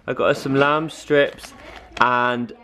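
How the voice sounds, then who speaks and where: A young man chatting excitedly to camera in a casual vlog, self-mocking and talkative. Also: mid-range voice, takes it slowly, slight background noise. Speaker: vlogger. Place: in a car and out and about.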